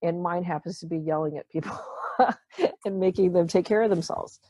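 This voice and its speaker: A woman's voice: on the low side, normal speed, mellow, no echo. A woman in her forties, a tarot reader and guest, talking bluntly and swearing freely in casual conversation. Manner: blunt, profane, forthright.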